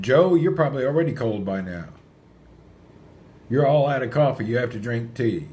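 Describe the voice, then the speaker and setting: A man talking casually on a livestream, rambling from one thing to the next. He answers his viewers' comments out loud in a chatty, easygoing way. His voice sits at an ordinary middle pitch. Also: a little hiss or hum.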